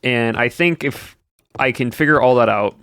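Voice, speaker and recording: A man's voice: medium pitch, moderate pace, a bit bright, smooth, dry recording. A young man streaming, chatting casually with his viewers in a rambling way and answering their comments as he goes. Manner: rambling, answers chat between stories. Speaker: livestreamer.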